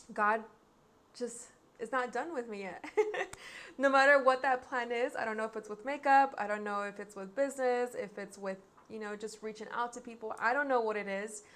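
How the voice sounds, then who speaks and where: A woman's voice: mid-range voice, a bit bright. A young woman with a Mexican American accent chatting casually to her viewers in a vlog, mixing Spanish into her English. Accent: Mexican American, switching into Mexican Spanish. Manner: chatty, mixes English and Spanish mid-sentence. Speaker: makeup vlogger.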